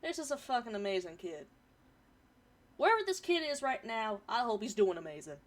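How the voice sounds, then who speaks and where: A woman's voice: fairly high pitch, big pitch swings, a little fast. A woman streamer reading a forum story aloud and chatting about it, swearing casually, her throat a bit irritated from pollen.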